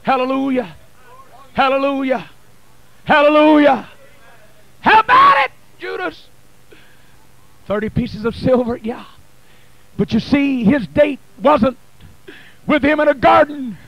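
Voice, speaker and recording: On a 1980 archival recording with no room sound and the highs cut off, a bishop preaches a Pentecostal sermon in a church sanctuary. His very high, gravelly voice chants and shouts rhythmically, very animated yet measured, with long pauses.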